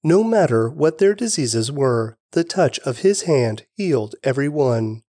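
A man giving a steady, expressive scripted reading of scripture. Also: mid-range voice, a little slow, no room sound, studio quality. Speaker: scripture reader.

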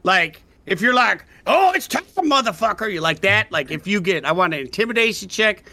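Brief: male game master, bright tense voice, halting rambling narration. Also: high-pitched, gravelly. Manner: rambling, halting descriptions full of fillers.

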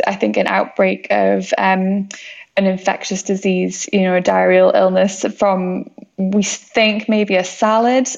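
A woman working as an expedition doctor talks through her experiences in a relaxed interview, full of ums and restarts. Her voice has a gravelly fry in it. The recording is dull and lo-fi. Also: mid-range voice. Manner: chatty, many fillers and restarts. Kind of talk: casual interview talk.

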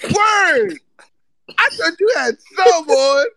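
A high-voiced man teases a friend in a casual live-audio chat, loud and profane, cackling between jabs. The sound is close and dry, with no room around it. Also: expressive, slow, no room sound. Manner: loud, profane, teasing roast with frequent laughter. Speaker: podcast co-host.

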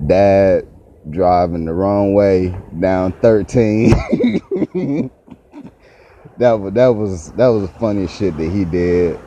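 A man casually telling a funny family story, swearing freely and breaking into laughter, his voice jumping high when he gets excited. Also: dull audio, a little hiss or hum. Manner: profane, laughs often, pitch leaps up when excited.

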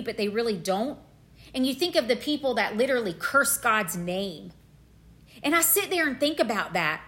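A woman's voice: high-pitched, sharp tone. A middle-aged woman preaching a passionate sermon, fervent and emotional, repeating phrases for emphasis.

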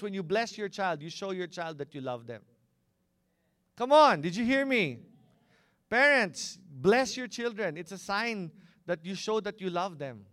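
A man's voice: high-pitched, sharp tone, no room sound, clean studio sound. A man preaching a sermon and often asking the congregation questions. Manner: engaging, asks the congregation questions. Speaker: pastor.

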